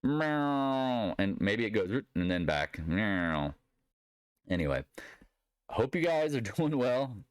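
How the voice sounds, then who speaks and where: A man's voice: fairly low pitch, big pitch swings, moderate pace, dry recording. A man giving a rambling solo market recap in a blunt, sarcastic manner. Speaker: market commentator.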